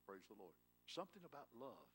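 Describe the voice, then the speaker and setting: A male pastor preaching a sermon in a church, swinging from loud, emphatic lines to hushed, tender ones and prodding his congregation with questions. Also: medium pitch, sing-song, fairly quick, a little hiss or hum. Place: church sanctuary.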